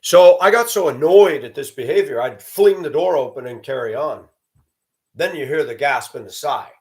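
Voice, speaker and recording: Ranting to his channel, a man from the American South sounds sarcastic and judgmental, stressing points by repeating them. His voice is on the high side yet darkish in tone, with lively intonation at a normal speed.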